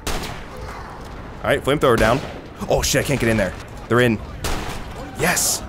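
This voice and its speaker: A young man doing casual, excitable gameplay commentary, rambling, swearing and laughing between remarks. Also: mid-range voice, a little slow. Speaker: gaming commentator. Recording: noisy with game gunfire behind. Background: gunfire and artillery from the game.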